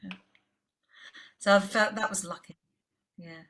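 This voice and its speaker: A bright, ringing voice from a middle-aged English-born woman. She tells her stories with animation, jumping into the voices of the people she quotes. It sounds like a relaxed interview. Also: medium pitch, unhurried. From England. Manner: animated storyteller who acts out quoted voices. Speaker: jazz singer, guest. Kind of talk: casual storytelling interview.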